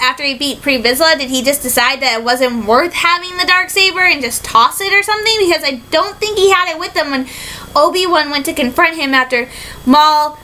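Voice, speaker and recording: Bright, high-voiced excitable woman vlogger. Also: rough recording. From Michigan, USA. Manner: excitable and rambling, many "like"s and fillers. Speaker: vlogger reacting to a trailer. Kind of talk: casual fan reaction vlog.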